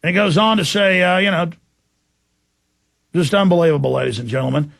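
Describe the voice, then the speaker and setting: A man's voice: high voice, a little fast, creaky, a bit bright, no echo, clean studio sound. A man hosting a political talk show, delivering an impassioned, ranting monologue.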